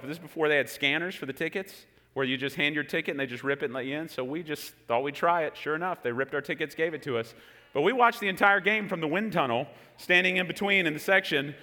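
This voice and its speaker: A man in his forties preaching to a congregation, telling a lively story with jokes. His voice is fairly high for a man and bright, and it carries through a large hall with a long reverb. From Texas. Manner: animated storytelling with jokes to the room. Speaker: pastor. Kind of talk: sermon.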